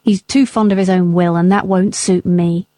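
A woman voicing a rough, hot-tempered male builder in an audiobook, speaking curtly in a lowered voice. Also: steady tone, moderate pace, warm tone, dry recording, clean studio sound, lightly acted. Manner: rough, curt. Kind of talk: audiobook character reading.

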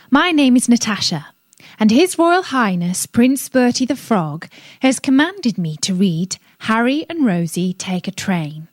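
A woman reading a children's story aloud on a radio show, gentle and expressive. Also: mid-range voice, no echo.

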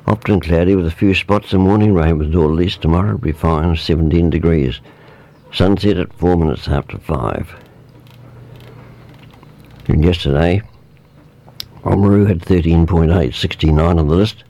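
A man with a New Zealand accent reading the local weather report on radio, relaxed and informal, with fillers. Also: sits low, moderate pace, creaky, long pauses.

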